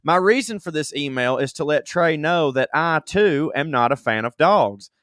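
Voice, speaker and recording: A man's voice: a little high, lively intonation, normal speed, a bit bright, no echo, clean studio sound. A self-deprecating man co-hosting a comedy podcast, reading listener emails aloud with laughs and comic asides. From Southern United States. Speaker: podcast co-host.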